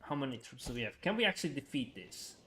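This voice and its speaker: A man's voice: mid-range voice, big pitch swings, quick pace, bright, forceful tone. Chatty young man streaming a game. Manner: rambling, chuckling, frequent filler words. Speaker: livestreamer. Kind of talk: casual gaming livestream chat.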